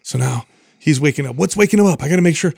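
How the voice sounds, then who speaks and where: A man co-hosting a podcast, telling a long story in casual chat, rambling and animated, swearing freely. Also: a little high, quick pace, creaky, slightly rough, no echo, clean studio sound. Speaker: podcast co-host.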